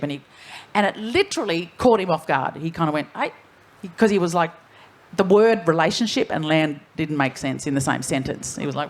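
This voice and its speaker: A woman's voice: on the low side, sing-song, fast. An Australian woman speaking frankly on a festival panel, wandering through her points and swearing casually. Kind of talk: candid panel talk.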